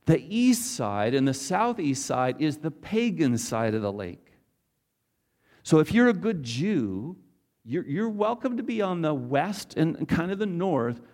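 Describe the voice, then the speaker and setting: A man's voice: a little high, a little mellow. A man preaching a casual, conversational Bible teaching, asking his audience questions as he goes.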